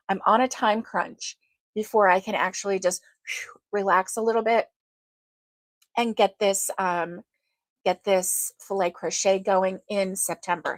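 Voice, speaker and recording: A woman hosting a casual crochet livestream, chatting slowly with lots of ums and greeting viewers by name. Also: mid-range voice, fairly bright tone, dry recording. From United States.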